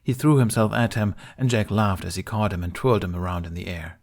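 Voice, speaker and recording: A man narrating fan fiction as an audiobook in a steady, emotional storytelling manner. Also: lowish voice, fairly quick.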